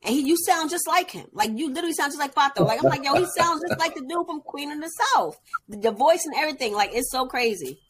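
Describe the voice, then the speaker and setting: Female podcast co-host, bright high voice, animated and quick to laugh. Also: a little hiss or hum. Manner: playful, animated, laughs easily. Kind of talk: casual chat.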